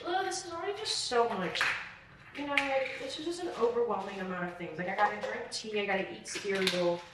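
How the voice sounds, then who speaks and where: In an echoey apartment with faint background noise, a vlogger in her twenties speaks in a mid-range voice, a little fast. Her casual vlog rambles, scattered and frantic, with swearing and plenty of "like."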